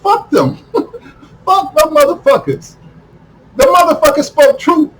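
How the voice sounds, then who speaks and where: High-voiced man ranting heatedly. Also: animated, slow pace, rough recording. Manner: heated, repetitive, swears constantly, bursts into shouting. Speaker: video commentator. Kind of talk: profane ranting monologue.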